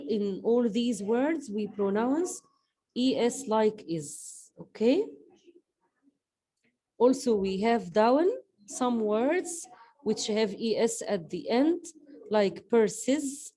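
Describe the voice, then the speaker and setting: Slow, mellow woman teacher. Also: a little high, low-quality recording. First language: Arabic. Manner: slow, repeats words and drills pronunciation. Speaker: English teacher. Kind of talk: online class teaching.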